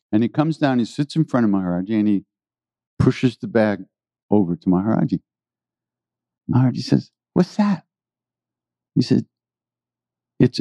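A man tells rambling stories to an audience, his pitch swinging widely. His voice is mellow and warm. The recording is dry and muffled. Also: dry recording. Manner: rambling, animated, laughs often. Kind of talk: storytelling talk to an audience.

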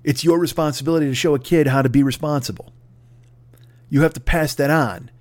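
A man with a slightly high-pitched voice, ranting on his show. He is profane, wry and wanders from point to point in casual comic monologue. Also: fairly even intonation, brisk, darkish tone. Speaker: podcast host. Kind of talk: casual comedic rant.

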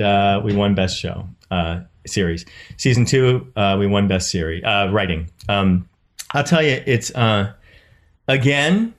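Male actor-producer guest, animated storyteller, mid-range voice, frequent restarts. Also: medium pitch. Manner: animated, repeats words when starting. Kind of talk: casual interview storytelling.

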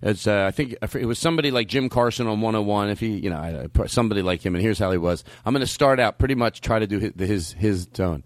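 A man doing rambling, deadpan comedic podcast banter. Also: on the low side, fast talker, few pauses, dry recording, clean studio sound.

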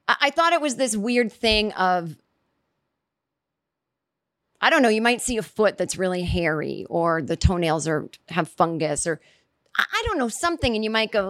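A woman hosts a comedy podcast, spinning a rambling story and slipping into quick voiced asides. Her pitch sits in the middle of the range. The recording is dry and close, with no room sound. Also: a bit bright, no room sound. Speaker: podcast host. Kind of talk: comedic monologue.

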